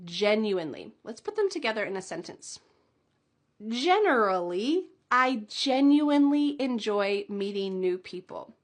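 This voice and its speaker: A young adult woman teaching English pronunciation, slowly sounding out model words and sentences for learners to repeat, with small laughs between them. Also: mid-range voice, big pitch swings. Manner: slow, drawn-out model words with light laughs. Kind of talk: pronunciation lesson.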